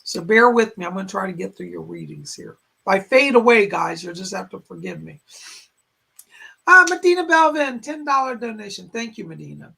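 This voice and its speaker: A man hosting a psychic live stream in a raspy, strained voice, relaying spirit messages in short, halting phrases. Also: sits high, big pitch swings, pushed and bright. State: strained, hoarse voice. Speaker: psychic medium host. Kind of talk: live-stream chat and readings. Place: home in a rural area.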